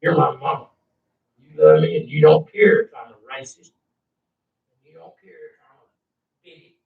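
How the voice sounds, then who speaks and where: A man's voice: mid-range voice, huge pitch swings, moderate pace. A man telling an interviewer a rambling story, profane, agitated and boastful. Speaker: interviewee recounting a UFO encounter. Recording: echoey room, far from the mic, dull sound.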